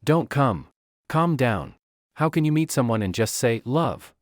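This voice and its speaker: A man's voice: mid-range voice, sing-song, a little slow, dry recording, clean studio sound. A man voicing a flustered young man who protests nervously and stammers.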